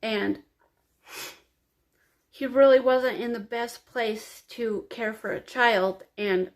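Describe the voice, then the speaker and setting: A woman telling her own life story to camera, confiding and emotional, crying as she speaks. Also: fairly high pitch. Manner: emotional, confiding, slow and halting. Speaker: vlogger.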